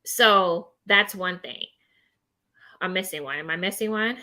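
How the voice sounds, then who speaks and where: A woman's voice: lowish voice, measured pace. A woman host in a casual chat about mental health who gives practical advice, laughing often and tagging her points with "right?". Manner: animated, laughs often, many "right?" tags. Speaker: gives advice to people with depression.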